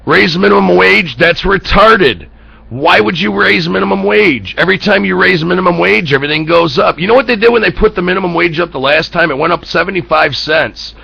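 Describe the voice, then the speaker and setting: A man's voice: high-pitched, fairly quick, vocal fry, sharp tone, slightly rough, no echo, highs cut off. An American man hosting an internet talk show, ranting bluntly about politics with profanity and heated rhetorical questions. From United States. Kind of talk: political commentary rant.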